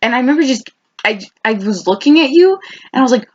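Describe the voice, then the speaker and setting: A woman's voice: high-pitched, animated, fast. A young woman in her twenties co-hosting a podcast, chatting casually with her best friend, rambling with lots of restarts and quoted asides. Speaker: podcast co-host. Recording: dull lo-fi podcast audio.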